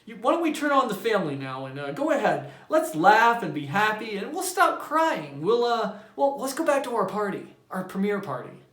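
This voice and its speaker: A man's voice: high-pitched, big pitch swings, moderate pace, hardly any pauses, fairly bright tone, pitched above the performer's own voice. A man voicing an anxious housewife who coaxes and soothes her guests. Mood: coaxing. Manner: coaxing, fluttery. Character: anxious placating housewife, fussy. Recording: roomy echo.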